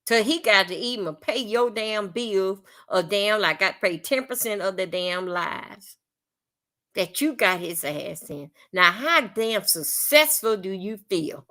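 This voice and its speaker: In an expressive, slow, pushed and bright voice of medium pitch, a Florida woman with a Southern accent rants on a live stream. She's blunt and profane, and her commentary rambles and repeats.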